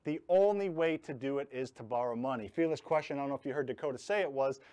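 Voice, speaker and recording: In a fast, darkish, mid-range voice, a man runs a live online real estate investing class. His delivery is blunt and jokey, with strong emphasis on key words.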